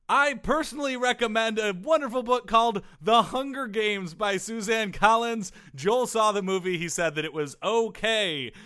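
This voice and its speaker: A man co-hosts a comedy podcast with a high, animated voice. His delivery is bright and sharp, full of dry sarcastic jabs. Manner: sarcastic quips. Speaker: co-host.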